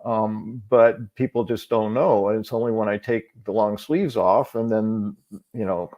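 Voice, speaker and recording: A man's voice: fairly low pitch, steady tone, a little slow, warm tone, highs cut off. A middle-aged man talking as a show guest in casual chat, reflective and storytelling, often restarting his sentences.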